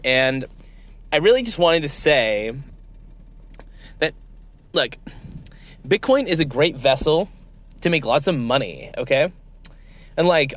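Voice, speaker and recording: A man's voice: mid-range voice, lightly acted. Man doing a valley-girl crypto bro. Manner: valley girl slang, says like and bro constantly. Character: parody of a crypto investor, valley-girl talk. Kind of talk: comedy sketch impression.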